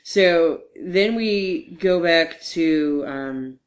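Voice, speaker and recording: A woman with a slightly low voice co-hosts a casual podcast. She recaps a horror film in an animated, profane way, slipping into quoted lines as she goes. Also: extremely slow. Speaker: podcast co-host. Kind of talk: casual movie recap chat.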